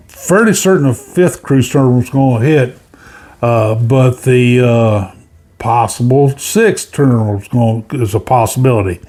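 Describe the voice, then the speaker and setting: Man, casual news commentary, rambling, many fillers, mid pitch. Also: darkish tone. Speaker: cruise news host.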